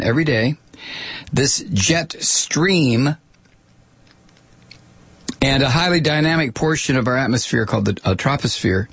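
A man with a husky, slightly breathy voice at a middle pitch, talking through an informal commentary. His delivery is wry and sardonic, full of offhand asides. The sound is dry and close. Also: a bit bright, no room sound.

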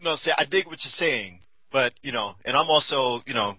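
A man's voice: medium pitch, expressive, normal speed, breathy edge, no room sound, lo-fi sound. A tired man talking candidly and casually, rambling with many fillers. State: tired and a bit high. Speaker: commentator on a talk show.

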